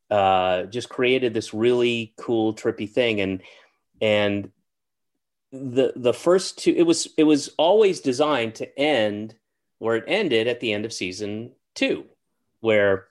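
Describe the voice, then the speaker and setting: A middle-aged man speaking as a guest in a casual interview, pausing often and restarting his sentences. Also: on the low side. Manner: halting, many restarts and fillers. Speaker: interview guest, comedian and actor.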